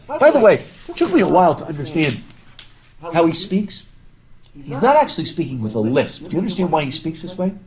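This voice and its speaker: Animated male professor lecturing through a mask. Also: fairly high pitch, rough recording. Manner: animated, chatty, repeats words when thinking; talking through a face mask. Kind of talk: live classroom lecture. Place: university classroom with students. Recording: classroom with students audible.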